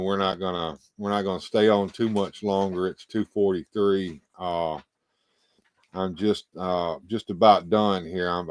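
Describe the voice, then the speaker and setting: A man hosting a casual livestream, tired and out of breath, talking in halting, rambling bursts full of fillers and restarts. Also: lowish voice, clean tone, no echo. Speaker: livestream host. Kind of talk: casual livestream chat, reading viewer comments.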